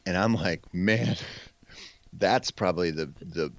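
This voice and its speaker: A man with a very low voice tells relaxed hunting stories, slipping in "man" and "freaking". The sound is dry and a little dull, like a lo-fi podcast mic. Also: takes it slowly, dry recording. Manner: easygoing storyteller, says man and freaking. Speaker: podcast guest. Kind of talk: casual hunting talk.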